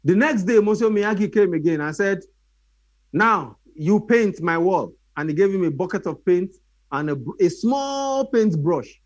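High-voiced animated preacher man. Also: moderate pace, dry recording, highs cut off. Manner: animated storytelling with acted voices. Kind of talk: sermon.

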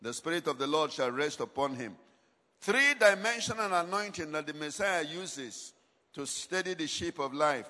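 A man's voice: on the high side, lively intonation, moderate pace, pushed and bright. A man preaching a sermon, asking the congregation to finish his lines, with emphatic swings in volume. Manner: call-and-response questions to congregation; emphatic, dramatic shifts in volume. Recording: long hall reverb.

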